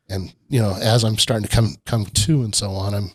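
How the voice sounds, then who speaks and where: A man's voice: lowish voice, fairly even intonation, normal speed, slightly rough, no echo. A middle-aged man, a podcast guest, telling a long rambling story in a casual interview and laughing often. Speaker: podcast guest, off-road park owner.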